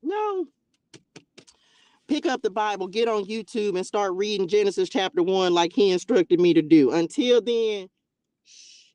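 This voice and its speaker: A woman hosting a livestream, preaching in an emphatic, animated way, laughing often and firing off rhetorical questions. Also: mid-range voice, moderate pace, dry recording. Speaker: livestream host. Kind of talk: passionate preaching rant on a livestream.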